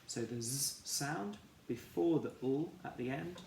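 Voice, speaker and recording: Slow, gravelly man teaching phonics. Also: medium pitch, lively intonation, a little mellow. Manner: slow, careful, sounding out each letter. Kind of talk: phonics lesson for children. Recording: echoey room, faint background noise.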